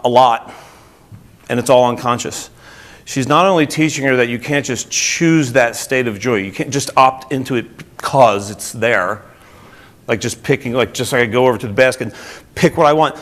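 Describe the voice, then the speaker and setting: A man with a New Jersey accent giving a motivational talk to a group, often asking the audience questions. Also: mid-range voice. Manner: energetic, asks the audience questions. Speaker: speaker.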